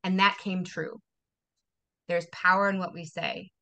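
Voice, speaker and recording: A woman in her forties talks as a guest on a podcast, emphatic and motivational. Her voice is bright and forceful, and she repeats phrases to land her points. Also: on the low side, level tone, measured pace. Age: 40s. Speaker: wellness coach, guest. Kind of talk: casual podcast interview.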